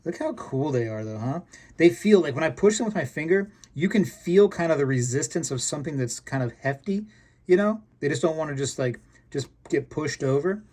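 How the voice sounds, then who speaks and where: A man's voice: fairly high pitch, lively intonation, brisk, a little mellow. A man hosting a casual show-and-tell video, chatty and enthusiastic, rambling with lots of fillers. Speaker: coin collecting video host.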